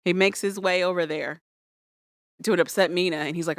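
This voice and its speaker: A woman's voice: fairly low pitch, normal speed, no room sound, clean studio sound. A woman co-hosting a podcast, recapping reality shows in casual chat and acting out what people said with playful voices. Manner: animated, acts out quotes with playful voices. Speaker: podcast co-host.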